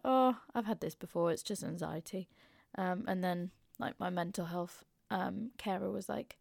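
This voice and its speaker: A woman's voice: mid-range voice, gravelly, darkish tone, no echo. Candid chatty Mansfield woman, dry close sound. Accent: East Midlands, Mansfield. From English Midlands (Mansfield). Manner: candid and chatty, swears freely. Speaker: podcast host. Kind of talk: casual chat.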